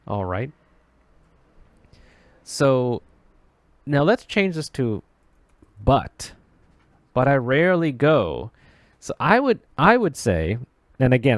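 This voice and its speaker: A man's voice: medium pitch, no echo. A man teaching English grammar off the cuff, often stopping to restart and correct himself as he searches for words. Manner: halting, many restarts and self-corrections. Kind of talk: unscripted grammar explanation.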